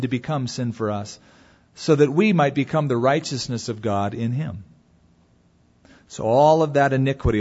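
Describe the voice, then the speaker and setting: A man preaching a sermon to a congregation, reading scripture aloud and expounding it with dramatic pauses. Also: mid-range voice, slightly rough. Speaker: pastor. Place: church or hall before a congregation. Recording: dull lo-fi recording with long hall reverb.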